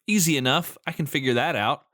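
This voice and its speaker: Bright-voiced man riffing on movies. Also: a little high, fairly quick, dry recording, clean studio sound. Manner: laughs often, riffs and speculates on plot details; recaps movie scenes with casual fillers. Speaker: podcast co-host. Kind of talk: casual chat.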